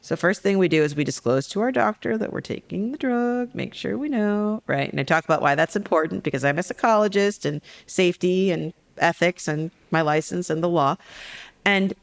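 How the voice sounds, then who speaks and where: A woman psychologist talking as a guest on a podcast interview, telling stories in a lively, joking way. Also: fairly low pitch. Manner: lively, jokey storytelling.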